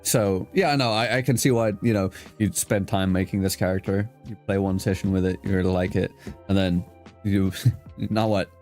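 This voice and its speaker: A man's voice: low-pitched, steady tone, moderate pace, darkish tone, faint music behind. Laid-back man hosting a chatty interview. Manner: laughs often, swears casually, frequent restarts. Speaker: host. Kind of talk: casual interview chat.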